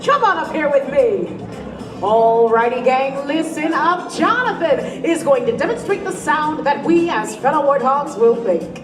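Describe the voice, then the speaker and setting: A woman's voice: high-pitched, lively intonation, a little slow. An actress playing a flirtatious female troupe singer who teases the audience in a live stage show. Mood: playful. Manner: sassy, teasing audience banter. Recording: distant echoey theater with music and crowd.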